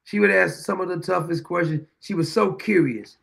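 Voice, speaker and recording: A middle-aged man hosts his own show and talks through homespun stories with a high-pitched voice and a rough, gravelly edge. He repeats lines for emphasis and breaks into frequent chuckles. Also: normal speed, fairly bright tone. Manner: chuckles often while telling anecdotes; folksy, repeats phrases for emphasis. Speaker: show host. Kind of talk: casual storytelling monologue.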